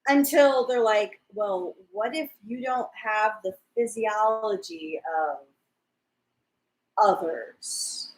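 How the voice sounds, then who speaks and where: Slow-talking woman in an echoey room. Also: mid-range voice. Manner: chatty, recaps scenes with quoted lines. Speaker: podcast co-host. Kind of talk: casual fan discussion livestream.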